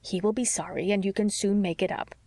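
A sensible housekeeper chatters on briskly and cheerfully, as a woman reading the story puts her on. Her manner is plain and matter-of-fact, heard dry and close. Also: mid-range voice, fairly even intonation, warm tone, dry recording, close to an everyday voice. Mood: concerned.

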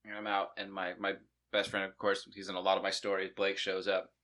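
A man's voice: deep voice, monotone, brisk, sharp tone. A man hosting a podcast, telling rambling stories in casual chat, swearing often. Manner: profane, rambling storyteller. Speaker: podcast host.

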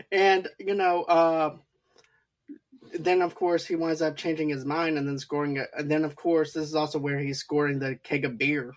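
A man's voice: a little high, flat delivery, measured pace, long pauses. A man co-hosting a podcast, rambling through a movie's scenes and acting out lines of dialogue. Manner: rambling, acts out quotes from scenes. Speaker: podcast co-host. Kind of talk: casual movie discussion.

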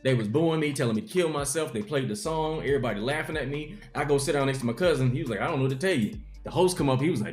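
A man's voice: mid-range voice, fast talker, hardly any pauses, roomy sound, faint music behind. A young adult man, a comedian, telling his life story in an interview and acting out the people in it. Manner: animated storyteller acting out quotes.

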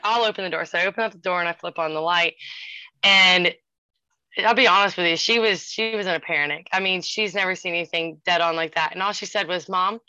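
A woman in her forties casually telling a ghost story, animated and acting out the voices of the people in it. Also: medium pitch, no room sound. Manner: animated, acts out quoted voices. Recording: dull lo-fi sound.

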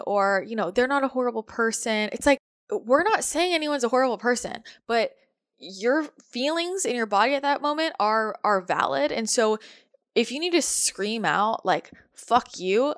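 A woman giving casual spiritual advice in a chatty way, with lots of fillers and soft laughs. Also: a little high. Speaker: spiritual guide.

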